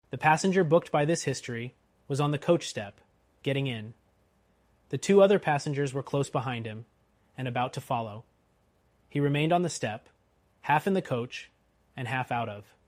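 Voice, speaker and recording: A man narrating a classic novel in a steady, expressive audiobook reading. His voice sits at a middle pitch. The recording is dry and close. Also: no echo. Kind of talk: scripted narration.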